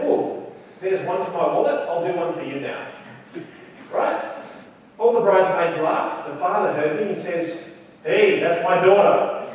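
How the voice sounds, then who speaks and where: A man speaking on stage in a large convention hall, telling a story with lively acted-out quotes. His voice sits a little high and is heard from a distance, with a long, roomy echo and faint noise behind it. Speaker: wedding photographer giving a lecture. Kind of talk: anecdotal stage talk. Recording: echoey hall recorded from far off. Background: audience laughter.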